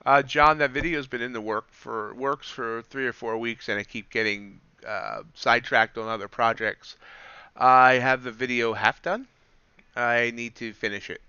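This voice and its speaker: A man talking through his trades on a live stream, his voice bright and smooth. He chats in a relaxed way, thinking aloud and answering viewers. The sound is dry and a little dull, close to the mic. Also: medium pitch, moderate pace, no echo. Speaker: livestreaming futures trader. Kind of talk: casual live-stream commentary.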